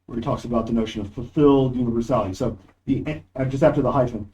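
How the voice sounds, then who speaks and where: A man's voice: mid-range voice, very fast, a little mellow, muffled recording. A man giving a university philosophy lecture in a classroom, talking in an emphatic, discursive way, recorded without a proper microphone. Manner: discursive, emphatic, reads quoted passages aloud. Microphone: no microphone, audio cleaned up after.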